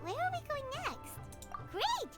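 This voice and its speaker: A woman voicing a tiny, cheerful female fairy companion in a video game, with a squeaky, childlike, bubbly voice. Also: wildly swooping pitch, unhurried, fairly bright tone, faint music behind, full character voice.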